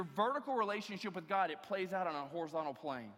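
Man, pastor, sermon, high voice, long hall echo, emphatic restarts. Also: lively intonation, fast talker, hardly any pauses, pushed and bright. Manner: emphatic preaching with repeated restarts.

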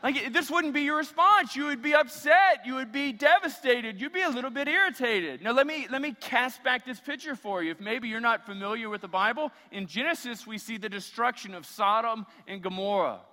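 A man's voice: very high-pitched, expressive, a little fast, hardly any pauses, pushed and bright, in a large hall. A man preaching a sermon as a pastor, emphatic and repeating phrases for stress.

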